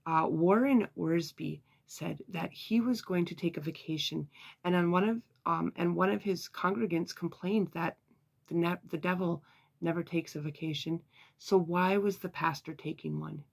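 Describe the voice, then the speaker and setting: A Bible teacher giving an earnest, measured devotional lesson, with occasional sighs and fillers. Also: medium pitch, gravelly, slightly rough.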